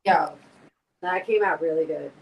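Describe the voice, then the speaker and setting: A woman's voice: sits low, measured pace, creaky, rough recording. A woman co-hosting a podcast, telling stories animatedly, acting out what people said and swearing casually. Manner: animated storyteller, acts out quotes, swears casually. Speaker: podcast co-host.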